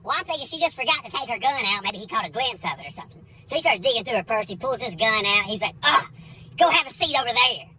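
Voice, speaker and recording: A comedian telling a crude, animated story and acting out the other people in it. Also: female voice, fairly high pitch, very fast, hardly any pauses, slight background noise, low-quality recording.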